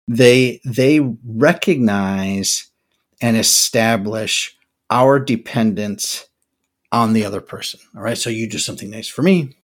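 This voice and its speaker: Older man, podcast host, husky voice, reflective casual monologue. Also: mid-range voice. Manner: reflective, musing, often restarting words.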